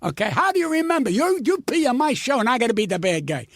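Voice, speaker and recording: Older male comic, blunt and profane storyteller, high animated voice, dry close sound. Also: fast talker, dry recording. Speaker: guest comedian. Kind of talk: storytelling interview.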